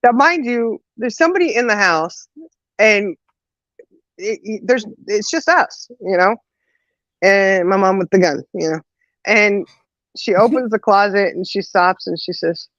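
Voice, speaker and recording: A woman's voice: medium pitch, a little slow, no echo. Woman, casual storyteller, laughs a lot, acts out voices, dry close sound, slightly dull lo-fi. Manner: animated, laughs often, acts out quoted voices. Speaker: podcast co-host telling a story.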